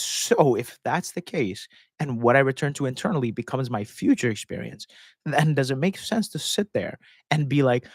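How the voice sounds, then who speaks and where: A man rambles through a relaxed live-stream Q&A, often breaking into laughter mid-sentence. His voice sits at a middling pitch and is picked up close on the microphone. The sound is dry, with no room echo. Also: normal speed. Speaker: host answering viewer questions. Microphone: close desk microphone.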